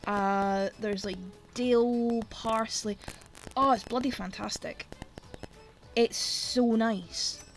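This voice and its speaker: A woman's voice: fairly high pitch, steady tone, slow, poor audio. A Scottish woman streaming, chatting casually and bluntly while she plays, swearing freely. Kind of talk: casual chat while gaming.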